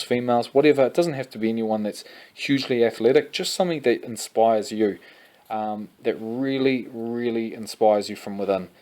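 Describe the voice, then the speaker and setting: A man's voice: mid-range voice, darkish tone. A young adult man, presenting a fitness course energetically and repeatedly addressing viewers as guys. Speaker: fitness coach.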